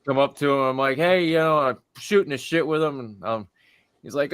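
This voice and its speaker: A man's voice: a little high, brisk, clean tone. A man chatting casually, telling anecdotes in a laid-back, profane way. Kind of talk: casual chat.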